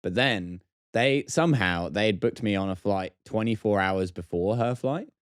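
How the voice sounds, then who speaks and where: A man's voice: fairly low pitch, moderate pace, clear, resonant tone, dry recording, studio quality. A man co-hosting a podcast, telling a long story in casual chat, acting out other people's lines and laughing often. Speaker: podcast co-host.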